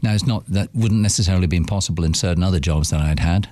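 Middle-aged guy from england, super low voice, dry funny stories, dead close mic. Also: fast, a little mellow, dry recording. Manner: dry humor, anecdotal, laughs often. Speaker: guest, businessman. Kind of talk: casual chat, storytelling.

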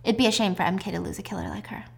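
A woman voicing a cold, menacing male crime boss who speaks in low, clipped threats. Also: racing, gravelly, a little mellow, slightly rough.

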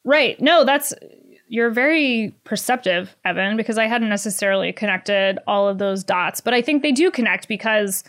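A woman journalist in her thirties being interviewed, talking in a lively way with many fillers and sarcastic laughs. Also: mid-range voice, moderate pace. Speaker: journalist guest. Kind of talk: conversational interview.

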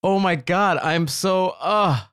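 A man hosting a casual podcast chat, playful and teasing, quick to exclaim. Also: sits high, a bit bright, clean tone, no room sound, clean studio sound. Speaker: podcast host.

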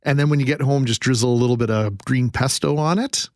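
Male radio co-host from Canada, mid-pitched, jokey banter, dry studio sound. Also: fast talker, no echo. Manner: chatty, storytelling, joking. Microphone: studio microphone.

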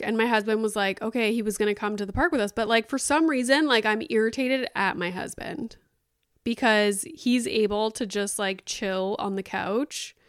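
A woman in her thirties hosts a casual solo podcast, rambling through an exasperated story with "like" after almost every phrase. Her voice is smooth and crisp, at a middle pitch. The recording is dry and close. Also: fairly bright tone, no room sound. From Canada. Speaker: podcast host.

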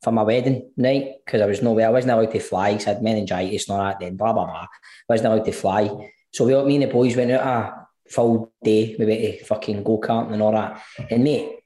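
A man's voice: lowish voice, fairly even intonation, brisk, mellow, echoey room. A Scottish man co-hosting a football podcast, chatting casually, rambling and swearing freely. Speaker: podcast co-host. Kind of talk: casual chat.

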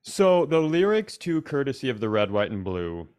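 A man's voice: medium pitch, very animated, normal speed, darkish tone, clean tone. A man co-hosting a casual comedy podcast, joking around and sometimes breaking into an exaggerated twangy sing-along. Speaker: podcast co-host.

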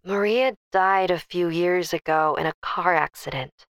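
A woman's voice: on the low side, unhurried, smooth, dry recording. A woman voicing a grieving middle-aged mother who speaks hesitantly, faltering and sighing, in a horror story.

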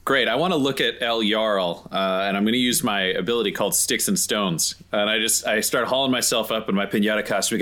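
A man playing a tabletop role-playing game, playful and quick to taunt in character. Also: lowish voice, bright, forceful tone. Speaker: player.

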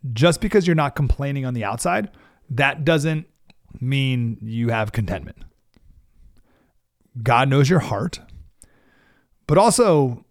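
A man's voice: on the high side, no echo, clean studio sound. A middle-aged man hosting a devotional podcast, talking in an earnest, emphatic way and repeating words to stress a point. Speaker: podcast host. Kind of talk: devotional talk.

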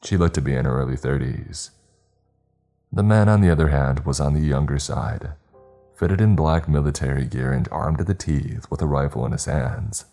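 Guy with a super deep dark voice reading a horror story, steady and measured. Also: soft background music. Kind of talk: scripted horror narration.

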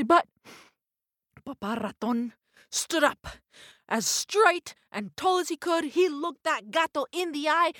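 Expressive woman storyteller for kids, high and swooping, unhurried, dry sound. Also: no room sound. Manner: animated, expressive, mixing in foreign words. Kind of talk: children's storytelling.

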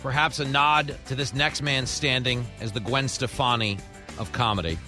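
A man's voice: medium pitch, fairly even intonation, moderate pace, pushed and bright, soft background music. A man hosting a comedic radio show, joking and bantering with callers and guests, laughing often.

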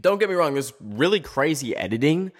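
Profane, animated young man ranting. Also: a little fast. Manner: animated, profane, sarcastic, pitch leaping up on emphasis. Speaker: podcast host. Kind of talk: casual ranting commentary.

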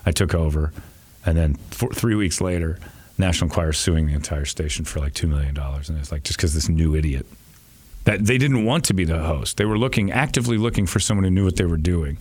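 A man's voice: sits low, quick pace, darkish tone. A middle-aged man, a radio host, telling rambling, profane, self-deprecating stories in casual chat.

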